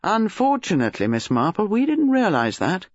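Man doing dry outspoken charmer, blunt, lively pitch, dull lo-fi recording. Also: normal speed, no room sound, full character voice. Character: charming, outspoken, boastful gentleman.

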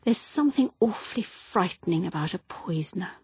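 A woman's voice: fairly low pitch, expressive, fairly quick, darkish tone, husky, no room sound, voice pushed up, full character voice. A woman reading Pat, an uneasy young wife. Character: anxious young wife, superstitious and gloomy. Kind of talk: audiobook character reading.

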